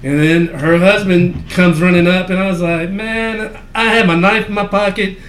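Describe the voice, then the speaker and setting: A man's voice: high-pitched, fairly even intonation, normal speed, a bit bright. A man co-hosting a podcast, telling a rambling, profane story in casual chat, full of fillers. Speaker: podcast co-host. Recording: echoey room with faint ambient noise.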